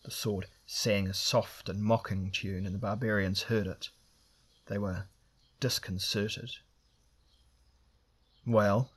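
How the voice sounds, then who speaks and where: Guy reading a fantasy audiobook, kinda husky, lowish voice. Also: steady tone, unhurried, a bit bright. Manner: reads dialogue with raised voices for characters. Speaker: narrator. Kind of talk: audiobook narration.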